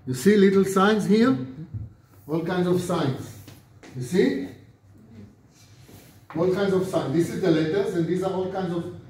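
Older Israeli rabbi lecturing in an echoey room. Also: male voice, sits high, measured pace, long pauses, a little mellow. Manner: chatty, asks the class questions, repeats words for drill. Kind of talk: informal classroom lecture. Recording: echoey lecture room, mic far off, faint noise.

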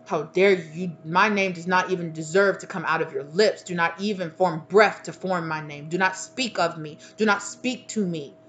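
Furious, offended ancestor spirits , given voice by a woman, loud and commanding. Their scorn is indignant and imperious, set in a low register. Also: moderate pace, hardly any pauses, a little hiss or hum, close to an everyday voice.

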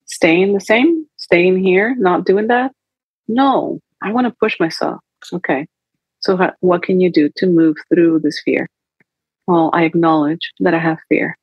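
A woman's voice: on the low side, breathy edge, no echo, muffled recording. A woman holistic coach talking through feelings as a podcast guest, reflective and acting out inner dialogue. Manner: reflective, acts out inner dialogue in quoted voices. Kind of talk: conversational coaching talk.

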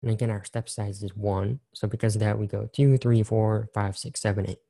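A man with a low, very dark and mellow voice teaches an engineering class. He talks casually and repeats his key point, counting through examples one step at a time. Keyboard clicks tap along behind him as he types. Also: fairly even intonation, brisk, gravelly. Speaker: engineering instructor. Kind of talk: recorded screen-share lecture.

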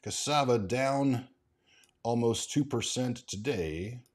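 A man's voice: mid-range voice, takes it slowly. A man hosting a stock market show, reading news items and quotes aloud and breaking off with casual asides, restarts and fillers. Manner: reads quotes aloud then adds offhand remarks, many restarts and fillers. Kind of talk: casual commentary reading from articles and market screens.

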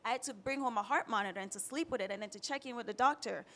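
Candid woman from Jamaica, high voice. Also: rapid-fire, sharp tone. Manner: candid, emotional, close to tears at times. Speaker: panelist sharing personal story. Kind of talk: personal testimony on a panel.

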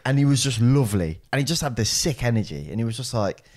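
A young man co-hosting a laid-back podcast, his pitch swinging up and down as he tells his stories. He laughs often and slips into a gruff voice when he quotes people. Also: animated, fast talker, darkish tone. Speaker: podcast co-host. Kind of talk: casual chat.

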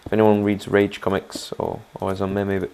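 A man's voice: low-pitched, monotone, moderate pace, vocal fry, a little mellow, smooth. A man narrating his own game playthrough in a rambling, chatty manner, often asking viewers for their thoughts. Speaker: gaming channel host. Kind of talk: let's play commentary.

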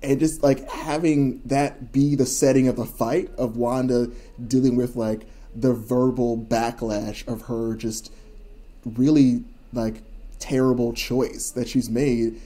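A podcast co-host chats casually, rambling enthusiastically and filling his talk with fillers. His mid-range voice is steady and dark in tone, and he speaks slowly.

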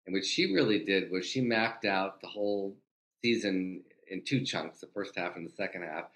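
Older male guest, low register, animated anecdotal delivery with acted-out quotes and casual swearing. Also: moderate pace. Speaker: guest, TV comedy writer. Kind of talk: casual storytelling interview.

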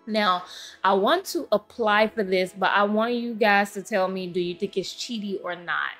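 A woman hosting a casual let's-play, chatting to her game characters and viewers, her throat rough from allergies. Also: mid-range voice, moderate pace, fairly bright tone, faint music behind. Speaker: gaming channel host.

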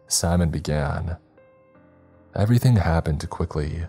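Very deep husky male horror narrator. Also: unhurried, a little mellow, soft background music.

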